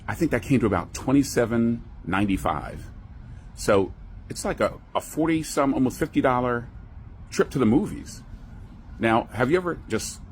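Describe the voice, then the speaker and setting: A man with a fairly low voice chats to his camera about an outing. He is conversational and throws in asides to the viewer, with a faint hum in the background. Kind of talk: casual chat to camera.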